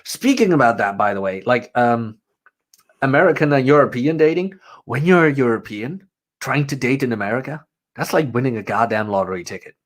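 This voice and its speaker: A man joins a podcast as co-host and talks in loose, slangy casual chat. He is brash and boastful, and his voice sits at an everyday middle pitch. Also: expressive, brisk.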